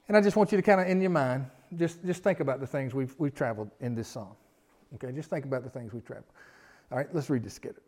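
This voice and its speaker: A man preaching a sermon, earnest, often repeating his words and swinging from loud emphasis to a hushed voice. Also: medium pitch, fast talker. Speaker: pastor.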